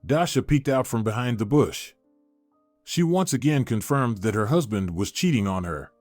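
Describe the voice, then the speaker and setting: Man, story narration, measured, mid-pitched, dry close sound. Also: expressive, darkish tone, no room sound, faint music behind.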